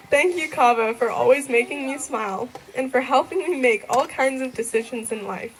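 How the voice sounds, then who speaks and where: A woman's voice: high-pitched, normal speed, rough recording. A young woman in her late teens giving a graduation thank-you speech, giggling often between sentences. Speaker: graduating student.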